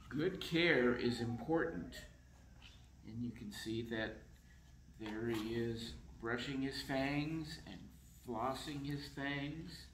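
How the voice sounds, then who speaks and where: A man reading a children's picture book aloud in a slow, expressive storytelling voice, in council chambers. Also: medium pitch, echoey room, slight background noise, poor audio.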